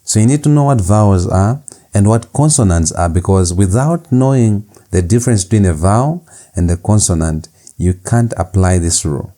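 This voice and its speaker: A man teaching a recorded Greek lecture, repeating key points slowly and deliberately. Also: lowish voice, dark tone.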